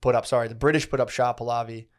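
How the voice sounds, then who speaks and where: A man's voice: mid-range voice, fairly even intonation, very fast. A man in his thirties co-hosting a casual podcast, telling a long history story with slang, swearing and many restarts. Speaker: podcast co-host.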